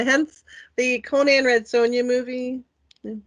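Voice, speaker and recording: A woman's voice: mid-range voice, normal speed. A middle-aged woman who is a guest on a casual podcast. She speaks candidly and giggles often between her thoughts, talking into a podcast mic. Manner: candid, giggly, frequent laughter. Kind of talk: casual chat.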